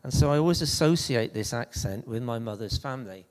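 Mellow-voiced man preaching in a reverberant hall. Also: medium pitch, lively intonation. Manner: conversational, halting with restarts. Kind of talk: anecdotal sermon.

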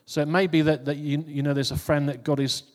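A man's voice: on the high side, flat delivery, fast talker. A man preaching in a reverberant hall. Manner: conversational, repeats and restarts phrases. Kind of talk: informal sermon.

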